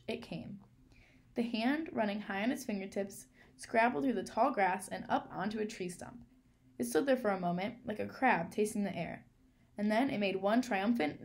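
Gravelly-voiced woman reading a storybook. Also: mid-range voice, darkish tone. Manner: clear, measured storytelling. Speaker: reader. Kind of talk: storybook read-aloud.

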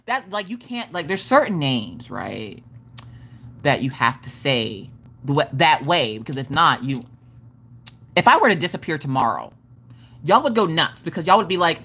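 A woman's voice: lowish voice, very animated, normal speed, a bit bright, husky. A woman hosting a casual craft livestream, rambling and joking with chat, often laughing and swearing. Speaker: livestream host.

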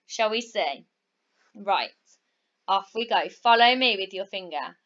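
A woman teaching a phonics lesson to young children, sounding out each letter slowly and blending words, with upbeat praise. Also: medium pitch, expressive, a bit bright. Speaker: primary school teacher. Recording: slightly dull, lo-fi recording.

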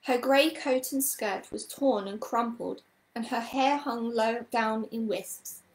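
A woman reading a children's story aloud, in a gentle, clear storybook manner. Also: fairly high pitch, steady tone, takes it slowly, reverberant.

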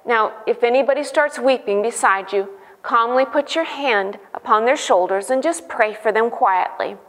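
A woman voicing a calm male pastor who gives quiet, gentle instructions. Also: on the high side, moderate pace, in a large hall, natural voice. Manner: calm, soft-spoken.

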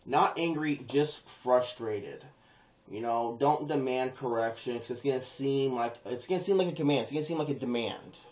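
A man giving advice in a casual monologue, animated and rambling, breaking into quoted voices and swearing now and then. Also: mid-range voice, moderate pace. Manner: animated, acts out quoted lines in bursts, swears; rambling with restarts and fillers. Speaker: vlogger. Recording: roomy, dull lo-fi home video.

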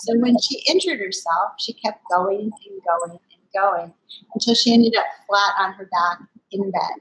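Expressive older woman telling a family story. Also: mid-range voice, poor audio. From United States. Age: 60s. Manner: animated, expressive storyteller who acts out family quotes. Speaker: company founder speaking at a summit. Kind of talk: personal storytelling in an interview.

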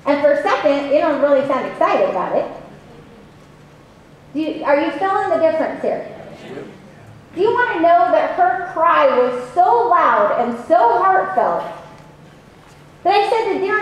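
A woman giving a motivational sales seminar and coaching the audience in an animated way with acted examples. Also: high voice, a little slow, pauses often. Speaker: sales trainer. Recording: very echoey hall, faint noise.

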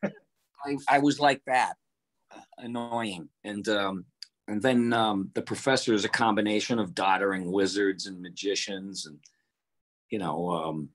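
An older man, a voice actor, answering interview questions over a video call in a relaxed, anecdotal way. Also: fairly low pitch, measured pace. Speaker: voice actor guest.

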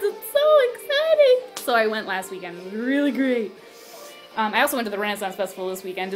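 A bubbly, hyper young woman talks straight to her handheld camera in her apartment, her voice sitting a little high. She rambles casually, swears freely and jumps into excited squeals. Light music plays underneath. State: hyper and spazzy. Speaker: vlogger. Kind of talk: casual vlog chat. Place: apartment living room.

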